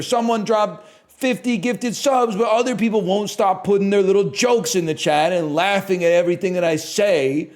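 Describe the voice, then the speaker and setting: Animated, profane man streaming live. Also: sits high, moderate pace. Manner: animated, profane ranting to chat. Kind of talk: casual live-stream chat.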